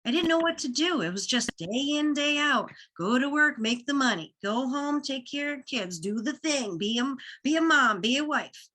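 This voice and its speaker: A woman's voice: high-pitched, animated, normal speed, few pauses, bright, forceful tone. A woman talking as a podcast guest, sharing a personal story in an earnest, emphatic way and repeating words as she builds her point. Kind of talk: personal story in casual conversation.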